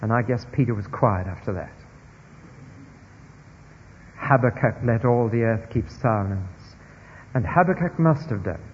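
A man preaching a sermon in an expressive style, now hushed, now emphatic, his voice at a mid pitch. The sound is dull and muffled, with a long reverb tail from a church or large hall. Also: unhurried, long pauses, a little hiss or hum.

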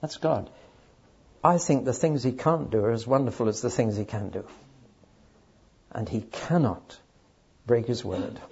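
A man's voice: medium pitch, unhurried, long pauses, a little mellow, dull audio, slight background noise. A man preaching a sermon to a live audience, emphatic and speaking straight to the listeners. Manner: emphatic, addresses audience directly.

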